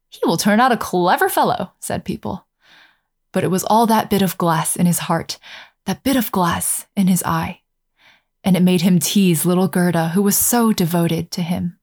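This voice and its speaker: Woman gently reading a fairy tale. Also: medium pitch. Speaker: storyteller. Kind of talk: scripted fairy tale narration.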